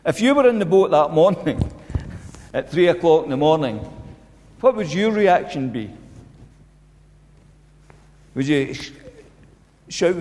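A man delivers a sermon in an earnest, insistent way, circling back to repeat his main points. His voice sits a little higher than most men's. A long reverb trails behind him, as if in a large hall. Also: expressive, moderate pace, long pauses, a little mellow. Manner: earnest, repeats key phrases for emphasis. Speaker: preacher.

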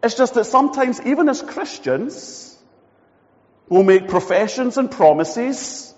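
Preacher in a reverberant hall. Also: male voice, extremely high pitch, expressive, unhurried, a little mellow. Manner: storytelling, acting out each character's voice. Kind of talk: sermon. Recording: dull recording with long hall reverb.

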